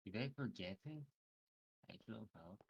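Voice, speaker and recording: A man in casual voice chat while gaming, easygoing and prone to trailing off quietly. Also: lowish voice, expressive, normal speed, gravelly, dull audio. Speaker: game player.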